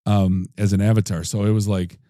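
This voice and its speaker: A man hosting a podcast, telling stories in a rambling, animated way with lots of fillers. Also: fairly low pitch, brisk, no room sound, clean studio sound. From United States. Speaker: podcast host. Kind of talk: casual chat.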